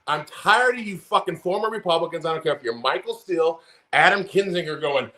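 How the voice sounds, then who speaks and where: Heated American podcast co-host in his forties, swearing, raised voice pitched a bit high. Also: sing-song, fairly quick, bright, forceful tone. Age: 40s. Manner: profane, impassioned, fired up. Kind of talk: heated political rant.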